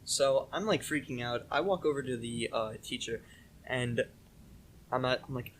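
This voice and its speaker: A young man co-hosting a casual podcast, telling a story in a rambling, animated way with lots of fillers. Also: medium pitch, moderate pace, slight background noise. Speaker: podcast co-host.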